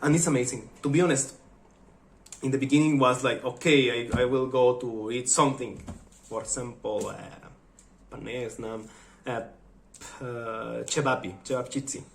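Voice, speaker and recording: In a reverberant recording with a little hiss or hum, a Mexican man speaks Spanish with a Mexican accent at a medium pitch. He's vlogging in a casual, chatty way, animatedly performing funny quoted back-and-forths.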